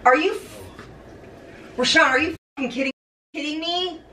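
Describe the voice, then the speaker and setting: A woman's voice: high voice, normal speed, pushed and bright, a little hiss or hum. A woman at home confronting her husband in a prank video, demanding to know what he is doing. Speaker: wife. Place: home, indoors. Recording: echoey room, mic far off.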